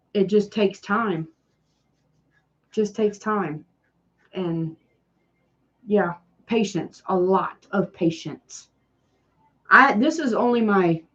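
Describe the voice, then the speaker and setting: Southern country lady rambling on her live stream, sarcastic, bit muffled lo-fi sound. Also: medium pitch. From Tennessee. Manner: chatty, self-deprecating, sarcastic. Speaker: DIY channel host doing a live stream. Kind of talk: casual chat with viewers.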